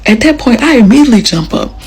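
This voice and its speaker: A woman's voice: fairly high pitch, animated, fast talker, noisy background. A young adult woman casually telling a personal story, chatty and leaning on "like" as she acts out what people said. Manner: chatty, leans on "like", acts out quotes. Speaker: storyteller sharing a personal account.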